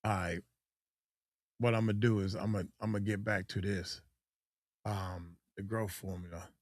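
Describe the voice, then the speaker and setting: A man's voice: on the low side, steady tone, a little slow, no room sound, clean studio sound. A middle-aged man, chatting loosely as a coach and host, often acting out quotes in mocking voices. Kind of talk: casual livestream chat.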